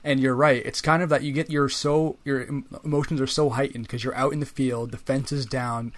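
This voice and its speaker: A man's voice: mid-range voice, fairly even intonation, a little fast. A man co-hosting a podcast, talking reflectively and often restarting his phrases. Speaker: podcast co-host. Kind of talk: casual chat about a video game.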